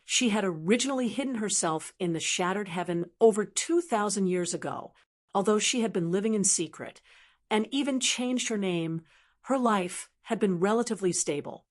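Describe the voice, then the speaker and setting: Female narrator, mid-pitched, steady fantasy audiobook narration. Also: moderate pace.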